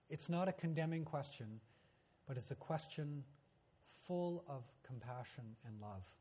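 A man preaching a sermon as pastor, telling a personal story with earnest emphasis and quiet, hushed phrase endings. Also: fairly high pitch, animated, measured pace, slightly rough.

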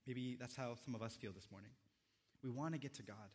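A young man preaching a sermon as a pastor, in a gentle, reflective storytelling manner with quiet pauses. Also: mid-range voice, in a large hall.

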